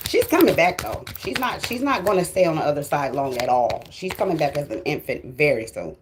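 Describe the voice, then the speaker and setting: A woman's voice: deep voice, very animated, a little fast, background noise. A woman giving a spiritual tarot reading, emotional and fighting back tears while she talks casually to her viewers. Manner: addresses viewers directly and casually. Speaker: tarot reader.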